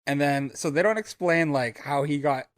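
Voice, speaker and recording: A man's voice: a little high, normal speed. A man co-hosting a podcast, thinking aloud with hesitant casual remarks. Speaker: podcast co-host. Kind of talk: casual chat.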